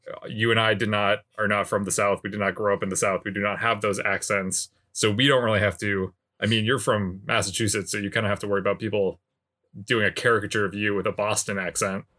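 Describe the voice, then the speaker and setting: A man's voice: lowish voice, steady tone, quick pace, pushed and bright. A man hosting a podcast in casual chat, musing and hesitant. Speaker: podcast host.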